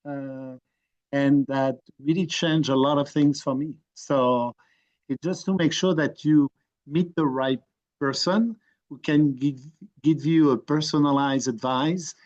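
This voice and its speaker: French-accented man presenting over a video call, slow and hesitant, dull lo-fi sound. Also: on the high side, fairly even intonation, darkish tone. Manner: hesitant, many fillers and restarts. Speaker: program presenter. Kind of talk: online presentation.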